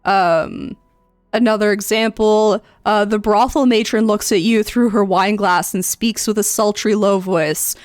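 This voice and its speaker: A woman's voice: fairly even intonation, measured pace, dry recording, studio quality. A woman streamer and game master chatting casually and reading forum posts aloud, rambling with a mid-range voice. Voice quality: voice neither very high nor very low. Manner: rambling, many fillers and restarts.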